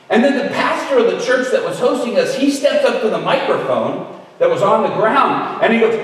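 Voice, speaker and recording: A man preaching, telling a story in an animated way and acting out the voices of the people in it, with shouted bursts. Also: extremely high pitch, fairly quick. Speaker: guest preacher. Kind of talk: storytelling sermon. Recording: roomy hall, far from mic.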